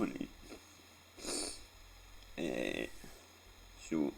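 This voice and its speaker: A man's voice: a bass voice, lively intonation, slow pace, creaky, long pauses, a little mellow, slight background noise. A Scottish man in his forties telling a painful personal story in a rambling, sweary way, close to tears and often tagging on "right?". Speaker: vlogger.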